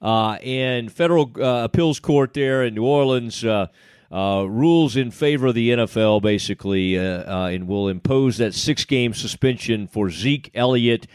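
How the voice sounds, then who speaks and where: A man's voice: medium pitch, moderate pace, darkish tone, smooth, dry recording, clean studio sound. A middle-aged man with an East Texan accent, co-hosting a sports podcast in a jokey, enthusiastic way. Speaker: podcast co-host. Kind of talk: casual sports podcast chat and host-read ad.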